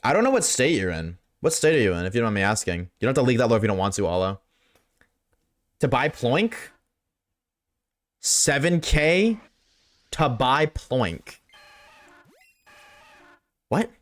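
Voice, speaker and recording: A young man streaming live, reading chat and reacting in a casual, slangy, excitable way, swearing freely. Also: medium pitch, a little slow, long pauses.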